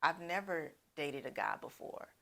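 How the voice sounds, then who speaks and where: A woman's voice: low voice, lively intonation, moderate pace, fairly bright tone. A woman voicing a young lesbian woman telling a man she is gay, speaking earnestly. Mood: apologetic.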